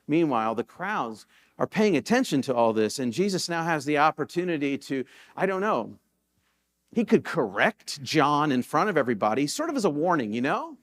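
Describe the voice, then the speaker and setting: A male pastor delivering a sermon in a church, his voice sitting a little higher than most men's. He preaches like he's chatting, weaving in stories, and circles back to repeat his main points so they land. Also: very animated, normal speed. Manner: conversational storytelling preaching, repeats key points for emphasis. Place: church sanctuary.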